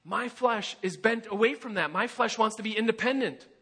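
Male pastor delivering an emphatic sermon, very high voice, bright and forceful. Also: moderate pace, breathy edge. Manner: earnest, emphatic preaching with rhetorical questions.

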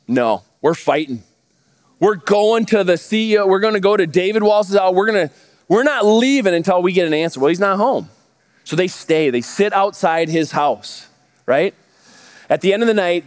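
Fairly high-voiced pastor in his 30s preaching, keeps asking the crowd questions then answering them. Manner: lively, asks rhetorical questions and answers them. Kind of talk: sermon.

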